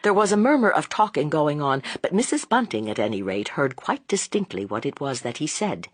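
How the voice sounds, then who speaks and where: An audiobook narrator reading a classic novel in a measured, expressive way. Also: mid-range voice, breathy edge, no echo.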